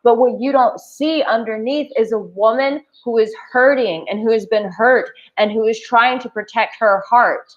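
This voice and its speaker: A woman's voice: fairly high pitch, moderate pace, hardly any pauses, muffled recording. A woman dating coach giving casual, emphatic advice to camera, full of "like" fillers. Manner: chatty, emphatic, with many "like" fillers. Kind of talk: casual talking-head advice. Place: Bali.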